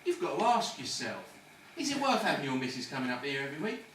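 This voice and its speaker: In amateur stage-style film acting, a man plays a cocky London ladies' man, a cynical patient swaggering around a hospital ward and lecturing in slang. His voice is a little high, sing-song, a bit bright and fast. It's recorded in an echoey room on a distant mic with faint noise.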